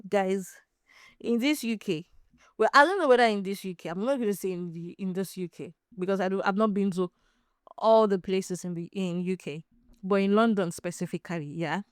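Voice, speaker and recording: A Nigerian woman hosting a podcast, chatting casually as an animated, laughing storyteller. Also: medium pitch, moderate pace, clear, resonant tone, no room sound, studio quality. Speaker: podcast host. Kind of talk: casual chat.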